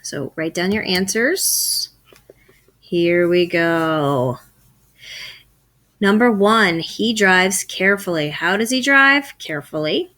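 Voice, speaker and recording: A woman's voice: fairly low pitch, lively intonation, slow pace, sharp tone. A woman teacher giving a recorded grammar lesson, asking questions and then answering them herself.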